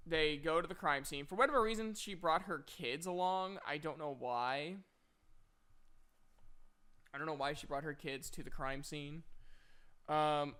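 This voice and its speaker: A man's voice: fairly high pitch, fairly bright tone, smooth. A young man in a casual spoiler review of a movie, retelling the plot in a rambling way with many filler words.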